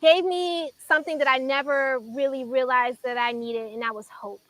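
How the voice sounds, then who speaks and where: A woman in her thirties from Chicago recounts a personal testimony on a faith-centered talk show. Her voice sits high and bright. She tells it earnestly and emotionally, pausing often. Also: fairly even intonation, dry recording, rough recording. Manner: earnest, emotional storytelling with pauses. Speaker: guest sharing her testimony.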